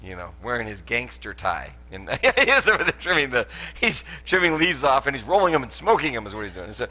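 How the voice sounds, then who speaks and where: A man's voice: a little high, sing-song, fast, sharp tone, poor audio. A man, a pastor giving a playful sermon with a live demonstration, joking and laughing often with lots of restarts, in a church auditorium.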